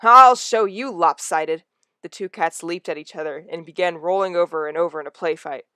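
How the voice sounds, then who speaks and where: A woman reads a novel aloud in a lowish, hushed voice, easing toward a whisper when the story tightens. The sound is dry and close, with no room around it. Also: fairly even intonation, fast talker, no echo. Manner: soft, hushed narration that drops to a whisper in tense moments. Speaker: audiobook reader.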